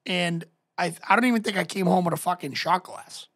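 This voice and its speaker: Husky guy on a podcast. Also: sits high, fairly quick, fairly bright tone. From Boston. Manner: laid-back, profane storytelling. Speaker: podcast co-host. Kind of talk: casual chat.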